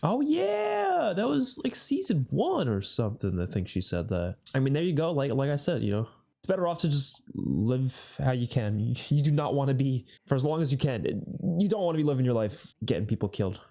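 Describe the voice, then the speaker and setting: A young man giving casual reaction commentary on a TV episode, excitable and swearing often, his voice jumping high on outbursts. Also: fairly quick. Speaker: reaction video host.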